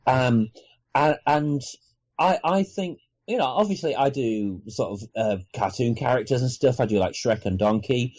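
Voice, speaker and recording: A grown man from Wales co-hosting a casual podcast, animated and hesitant, often restarting his sentences. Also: medium pitch, normal speed, low-quality recording. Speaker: podcast co-host. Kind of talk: casual chat.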